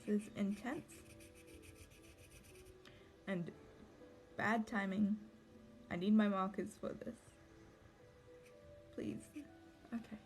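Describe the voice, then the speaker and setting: A woman's voice: mid-range voice, fairly even intonation, takes it slowly, pauses often, soft background music. A young woman, livestreaming as she crafts a cosplay mask, chatting anxiously and rambling to her viewers. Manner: anxious, rambling, talks to chat while drawing. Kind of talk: casual livestream chat while crafting.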